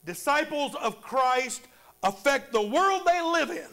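A man's voice: extremely high pitch, expressive, measured pace, pushed and bright. A man preaching a sermon in church, calling for amens from the congregation. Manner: preaching with call-and-response amens. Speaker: pastor.

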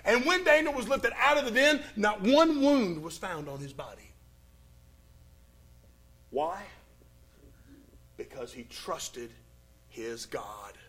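A man preaching a sermon and retelling a Bible story, with dramatic pauses and swings from loud to hushed. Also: sits high, animated.

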